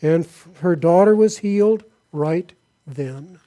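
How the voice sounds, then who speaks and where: A man's voice: fairly high pitch, slow pace, warm tone. A man preaching a sermon, reading Bible passages aloud and then asking his listeners questions. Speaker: pastor.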